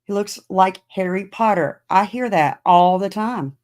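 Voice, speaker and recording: On a casual live stream, a middle-aged woman who hosts a podcast talks with viewers and replies to their comments, filler words throughout. She speaks at a measured pace in a mid-range, slightly mellow voice.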